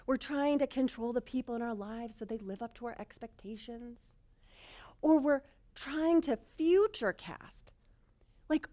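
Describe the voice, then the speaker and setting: A woman telling a personal story in a talk, animated and self-mocking, swinging between hushed lines and loud bursts. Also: sits high. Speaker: speaker.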